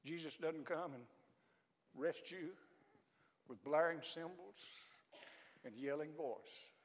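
A man delivers a sermon in a church, telling a story, then easing into a soft, hushed call. His voice sits a little high for a man and rings out with long hall reverb. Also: slow. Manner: storytelling, drops to a soft hush at the close. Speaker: guest preacher. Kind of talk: sermon with invitation. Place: church sanctuary.

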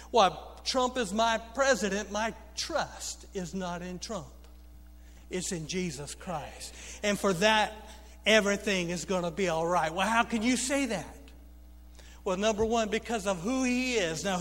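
A pastor preaching a sermon, telling funny stories and calling out to the congregation. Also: male voice, sits high, fairly bright tone. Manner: storytelling preacher, humorous asides to the congregation. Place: church sanctuary. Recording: long reverb of a church hall.

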